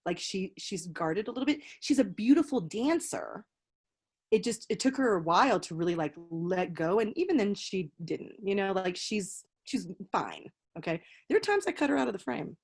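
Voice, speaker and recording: A young woman hosting a podcast in casual chat, an animated storyteller who swears freely. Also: medium pitch, normal speed, husky. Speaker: podcast host.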